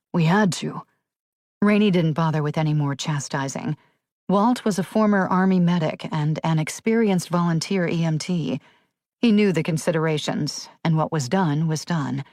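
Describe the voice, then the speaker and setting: A woman narrating a thriller audiobook in a measured, even reading. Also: deep voice, no room sound, clean studio sound.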